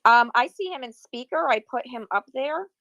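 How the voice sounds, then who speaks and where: Woman host moderating speakers, relaxed. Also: high voice, moderate pace, dull audio, over a noisy crowd. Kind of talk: casual online discussion.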